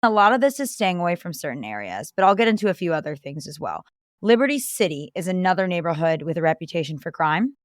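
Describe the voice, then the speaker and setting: Earnest woman with a lowish voice. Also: big pitch swings, quick pace, dry recording, studio quality. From Florida-based. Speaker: guest giving travel safety tips. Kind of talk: conversational advice.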